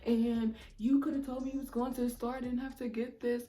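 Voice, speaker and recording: A woman voicing a fussy, indignant middle-aged caretaker, raising her pitch and complaining in an overbearing way. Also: level tone, brisk, mellow, natural voice.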